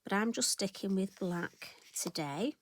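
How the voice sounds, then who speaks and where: While stamping a card for her craft tutorial, a middle-aged woman chats with her viewers in a friendly, self-deprecating way. Her voice is ordinary in pitch for a woman, with lively intonation and a slightly slow pace.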